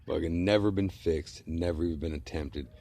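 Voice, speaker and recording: Deep gravelly guy, middle-aged, cussing up a storm in a heated rant. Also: normal speed, dark tone, dry recording. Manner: blunt, profane, heated. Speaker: vlogger. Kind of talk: angry casual rant to camera.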